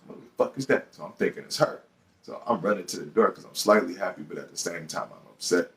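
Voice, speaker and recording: A man with a Detroit accent tells a story from his own life in loose, profane street talk and jumps into loud acted-out bits. His voice sits low and heavy. He sounds a little far from the mic. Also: quick pace. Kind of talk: casual storytelling.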